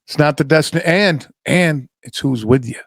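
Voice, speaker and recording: A man's voice: on the high side, normal speed, gravelly, no room sound. Swearing storytelling middle-aged man. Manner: swearing, storytelling with acted-out quotes. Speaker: podcast host. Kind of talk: casual chat.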